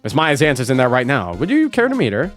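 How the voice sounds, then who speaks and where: A man voicing a gruff, brash middle-aged man in a blustering, rapid-fire manner. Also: medium pitch, huge pitch swings, faint music behind.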